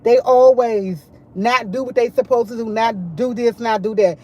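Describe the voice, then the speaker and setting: A middle-aged woman chatting casually to camera, full of animated retellings of what others said. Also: a little high, normal speed, highs cut off. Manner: animated, quotes others a lot. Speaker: vlogger.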